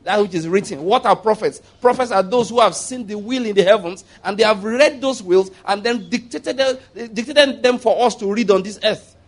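High-voiced Nigerian pastor preaching emphatically. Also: male voice, normal speed. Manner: emphatic, storytelling with laughs, repeats phrases for emphasis. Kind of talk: sermon, leading call-and-response declarations. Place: church.

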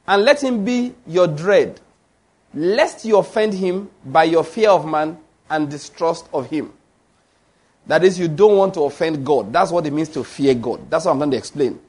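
A male preacher delivers a sermon in a high voice. He presses each point hard and keeps turning to the congregation with questions. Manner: emphatic, with rhetorical questions to the congregation.

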